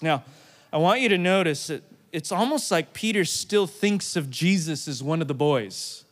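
A man preaching a sermon in a playful, animated way, acting out the quotes. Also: a little high, moderate pace. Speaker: pastor.

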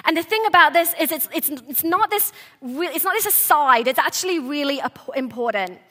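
Bright, high-voiced woman preaching. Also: normal speed. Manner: earnest, soft-spoken with animated bursts and restarts. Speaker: pastor. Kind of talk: sermon.

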